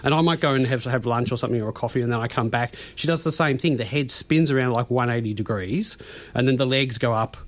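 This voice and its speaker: A man's voice: mid-range voice, fast, dry recording. A man co-hosting a radio show, easygoing and chatty, laughing often as he reads out survey figures. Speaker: radio co-host. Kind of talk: casual chat.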